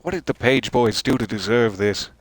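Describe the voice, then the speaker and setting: A man's voice: mid-range voice, moderate pace, slight background noise. A male streamer doing let's-play commentary with puns and dry, sarcastic asides.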